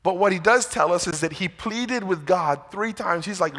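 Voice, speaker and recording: A man preaching a sermon in a conversational way, rising to loud pleading and dropping to hushed quotes. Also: high voice, lively intonation, normal speed, hardly any pauses. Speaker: pastor. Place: large church hall. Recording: long church reverb.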